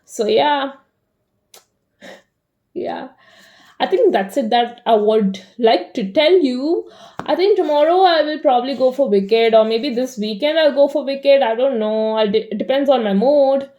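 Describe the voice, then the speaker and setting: A young woman chatting casually in a rambling diary vlog, full of fillers, swinging between animated and flat delivery. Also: high voice, measured pace, dull audio. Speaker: vlogger.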